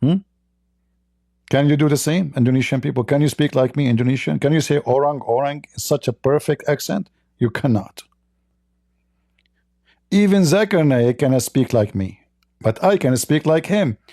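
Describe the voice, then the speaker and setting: A man hosting a livestream debate, talking casually in a slow, halting, mocking way. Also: medium pitch, animated, mellow, dry recording, clean studio sound.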